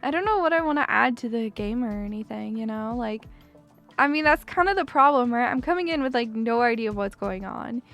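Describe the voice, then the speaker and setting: Giggly high-voiced woman streamer. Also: lively intonation, brisk, fairly bright tone, faint music behind. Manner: giggly, chatty, lots of laughing. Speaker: streamer host. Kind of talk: casual livestream chat.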